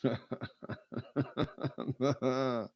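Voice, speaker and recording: A man's voice: medium pitch, flat delivery, very slow, a little mellow, no echo. A man in casual, meandering chat, joking and swearing with lots of fillers.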